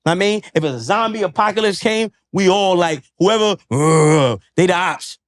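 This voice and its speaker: A man's voice: sits high, a little fast, dry recording. A man who is a podcast guest, lecturing in casual chat with emphatic, profane street slang. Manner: preachy, lecturing.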